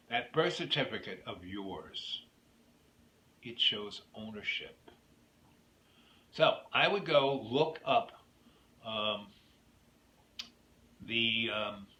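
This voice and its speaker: Rambling storyteller man, bright, echoey room. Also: mid-range voice. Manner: digressive, drifts from story into opinions. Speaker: YouTube host. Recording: echoey room with faint noise.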